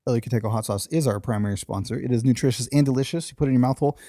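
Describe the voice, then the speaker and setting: A man's voice: medium pitch, rapid-fire, warm tone, no room sound, studio quality. A man co-hosting a podcast, talking in brash, profane, joking casual chat and reading a sponsor plug. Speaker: podcast co-host.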